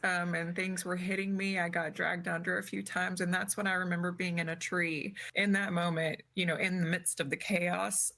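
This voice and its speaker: A woman, a grieving mother, speaking slowly and haltingly in an emotional interview, pausing often. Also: on the low side, vocal fry, sharp tone. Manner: slow, halting, with many pauses and fillers.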